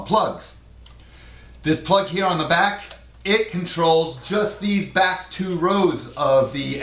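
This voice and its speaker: A man's voice: on the high side, a bit bright. A man giving a casual unboxing review, explaining a product step by step at his desk. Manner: plain, explaining step by step with fillers. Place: indoor room at a desk. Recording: echoey room, faint noise.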